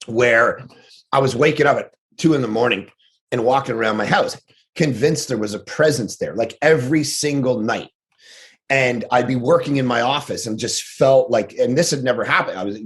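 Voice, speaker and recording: A man, a pastor and author, speaking as a guest on a podcast. He talks casually and tells stories animatedly, with quick asides and frequent restarts. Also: mid-range voice.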